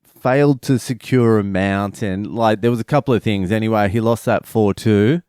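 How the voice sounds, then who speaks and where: A man's voice: on the low side, normal speed, clear, resonant tone, no room sound, studio quality. A man, a father, telling a family story in a casual, profane, rambling vlog. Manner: profane, rambling, animated retelling.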